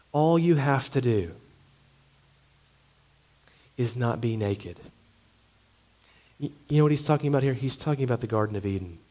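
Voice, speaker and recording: Earnest male preacher. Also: medium pitch. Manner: earnest, emphatic, slowing to hushed phrases. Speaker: pastor. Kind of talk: sermon.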